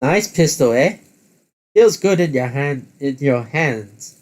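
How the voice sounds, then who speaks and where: A woman's voice: a bass voice, lively intonation, slow, a little mellow, pitched above the performer's own voice, heavily acted. A man putting on a cocky gunner woman, fake Canadian. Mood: casual. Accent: put-on Canadian. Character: brash gun-loving young woman, fake Canadian.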